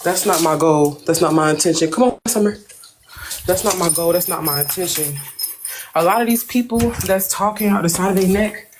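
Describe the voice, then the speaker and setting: A woman speaking as a guest on a live stream, firm and measured. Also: lowish voice. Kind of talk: casual live stream chat. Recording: clear noise behind.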